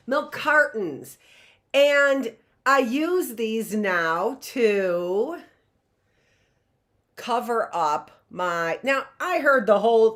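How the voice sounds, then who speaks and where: A woman's voice: fairly high pitch, a bit bright. A middle-aged woman teacher giving a chatty, playful online lesson, often exclaiming. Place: home classroom setup.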